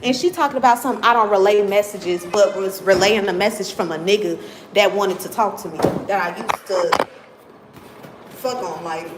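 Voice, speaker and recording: A woman's voice: mid-range voice, normal speed, very noisy. A woman vlogger venting emotionally to her viewers in a hurt, rambling way. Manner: hurt, rambling, frequent fillers.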